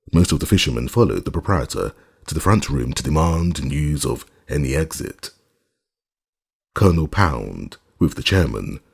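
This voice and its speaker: A man narrating an audiobook in a measured, even storytelling manner. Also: rumbling low, creaky, breathy edge. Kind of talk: scripted narration.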